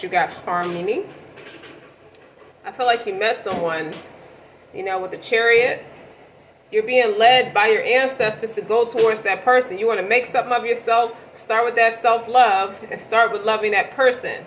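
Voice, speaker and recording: A woman's voice: fairly high pitch, a bit bright, slight background noise, low-quality recording. A woman giving a casual tarot reading to camera, rambling and slangy, often stopping to correct herself. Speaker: tarot reader.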